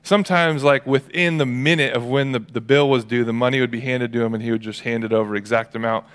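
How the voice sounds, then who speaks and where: A male pastor preaching a sermon in a relaxed, conversational way, acting out quotes as he tells stories. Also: medium pitch, quick pace, smooth. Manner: conversational, animated storytelling with acted-out quotes.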